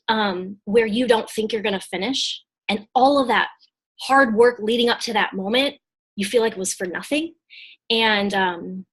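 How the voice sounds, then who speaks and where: Husky-voiced woman coach telling a story. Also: on the high side. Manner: casual and chatty, many fillers and restarts. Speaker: business coach and mentor. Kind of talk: live motivational storytelling talk. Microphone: video call.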